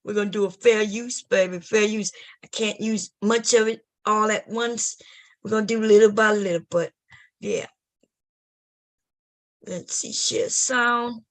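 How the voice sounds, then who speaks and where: A woman streaming late at night, telling a profane comic story and acting out scenes, often loud and animated, into a computer mic. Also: mid-range voice, measured pace, pauses often. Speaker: comedy streamer.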